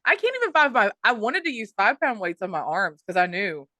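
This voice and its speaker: A woman's voice: medium pitch, very animated, a little fast, sharp tone, no room sound. A woman co-hosting a podcast in casual chat, venting in exasperation and swearing freely. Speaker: podcast co-host.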